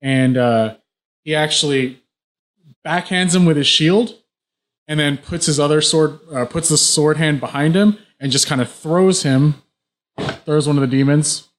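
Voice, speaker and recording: A man with a slightly high voice running a tabletop game. He narrates combat in an easygoing way, full of fillers and chuckles. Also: a little slow. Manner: easygoing, laughs often, filler-heavy narration. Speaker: game master.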